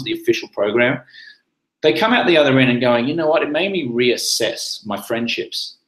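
Animated man coaching in an echoey room. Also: mid-range voice. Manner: animated, acts out sample lines in different tones. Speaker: sobriety coach. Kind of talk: casual coaching talk.

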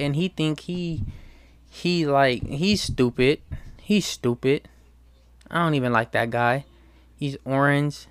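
A man's voice: fairly high pitch, takes it slowly, pauses often, a bit bright, clean tone, no echo. A young man hosting his own show, talking casually in a slangy, profane, ranting way. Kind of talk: casual monologue.

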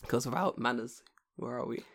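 A man's voice: mid-range voice, moderate pace, gravelly. Brief: young male host, loose banter, swears freely, always joking. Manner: profane, joking, laughs often. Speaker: podcast host. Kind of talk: casual chat.

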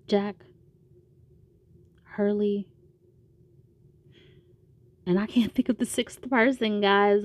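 A woman's voice: medium pitch, darkish tone. A woman casually recapping a TV show in a slangy, rambling way, with some profanity.

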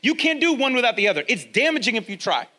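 A male pastor preaching a sermon to a church congregation, energetic and conversational, repeating key lines for emphasis. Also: extremely high pitch, fast. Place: church with a congregation, also streamed online.

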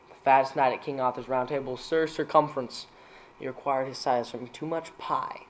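A male streamer casually reads dad jokes aloud at a moderate pace with fairly even intonation. He laughs at his own punchlines and jumps into higher voices to deliver them.

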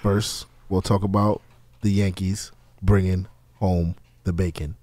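A man's voice: low voice, little pitch movement, a little slow, warm tone, no echo. A man co-hosting a podcast, emphatically steering the talk. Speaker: co-host. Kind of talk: casual podcast banter. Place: podcast studio.

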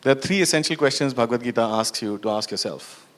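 A man's voice: mid-range voice, fast talker, fairly bright tone. Man speaking in a reverberant hall. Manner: conversational, asks the audience questions, frequent "you know" and "right". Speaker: conference speaker. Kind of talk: storytelling talk to an audience.

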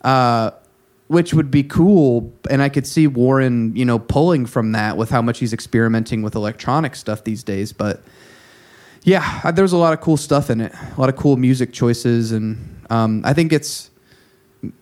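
Another podcast segment features a man co-hosting, his mid-range, darkish voice moving at a moderate pace. His casual talk about music wanders, full of fillers and false starts.

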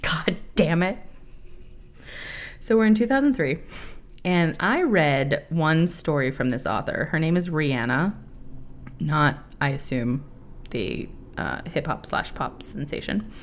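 A woman in her thirties hosting a podcast, chatting candidly and laughing often, with a profane, animated way of telling stories. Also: low voice, measured pace. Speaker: podcast host. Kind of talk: casual podcast chat.

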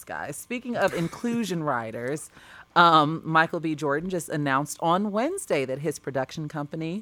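A woman's voice: sits low, fairly bright tone, no room sound. A woman co-hosting a casual podcast, chatty and laughing, acting out quotes as she tells stories. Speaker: co-host.

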